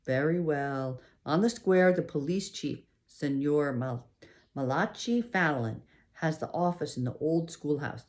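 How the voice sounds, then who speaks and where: A woman reading aloud, voicing a kindly middle-aged cafe owner who speaks gently and earnestly. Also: sits low, animated, a little slow. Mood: reassuring.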